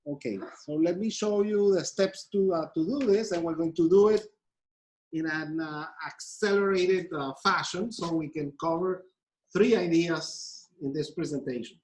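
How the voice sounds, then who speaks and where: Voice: mid-range voice, moderate pace, darkish tone, poor audio. A presenter giving a live cooking demonstration, speaking hesitantly with many fillers and restarts and explaining step by step. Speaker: pastry demonstrator.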